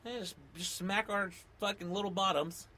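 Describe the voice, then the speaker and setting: A man's voice: sits high, fairly even intonation, moderate pace, sharp tone, a little hiss or hum. A man telling profane childhood stories in casual chat, acting out quoted lines with big jumps in voice.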